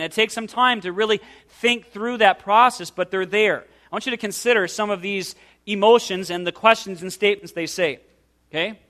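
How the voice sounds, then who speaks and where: A male preacher with a high, bright voice delivers an earnest sermon. He speaks in a pastoral tone and slows down to press his points.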